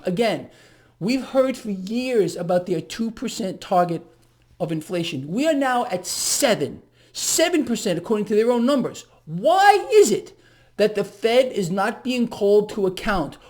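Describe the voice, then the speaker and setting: A man's voice: sits high, a little mellow. A man hosting a solo market commentary, ranting in an agitated, sarcastic, mocking way.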